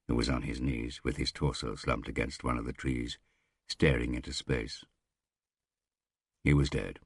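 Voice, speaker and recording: An audiobook narrator with a very deep, husky male voice reads scripted thriller narration. The recording is dry and has clean studio sound.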